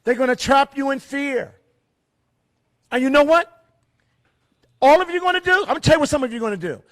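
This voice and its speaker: A middle-aged man giving an impassioned rally speech at a fairgrounds event. He hammers home rhetorical questions and swings between loud and hushed. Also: very high-pitched, lively intonation, a little fast, long pauses. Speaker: rally speaker.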